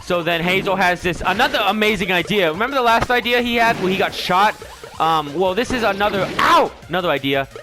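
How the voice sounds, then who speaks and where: A young man hosting a game video, recapping a story in a casual, rambling and animated way with lots of filler words. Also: high-pitched, a little fast, music in the background. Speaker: let's play host.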